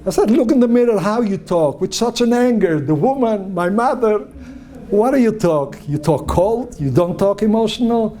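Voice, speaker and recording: A man's voice: high-pitched, normal speed. A man, a rabbi giving a lecture who animatedly tells stories and acts out what people said. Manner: animated storyteller acting out quoted speech. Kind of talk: lecture on marriage and emotions.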